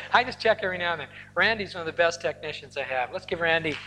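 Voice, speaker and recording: A man preaching a sermon from the pulpit, telling stories with lively asides and the occasional laugh. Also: a little high, fairly quick. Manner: storytelling, animated asides with laughter. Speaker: pastor. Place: large hall or church auditorium. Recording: long hall reverb.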